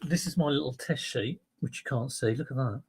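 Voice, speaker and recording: A man's voice: mid-range voice, a little fast, background noise. Chatty man telling dad jokes. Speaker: host of a live stream. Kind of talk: casual live-stream chat.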